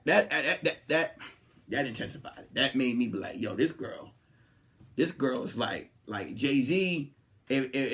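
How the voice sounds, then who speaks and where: Animated young man telling a comic story. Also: a little high. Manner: animated, swings from loud to hushed, acts out quotes. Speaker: comedian podcast host.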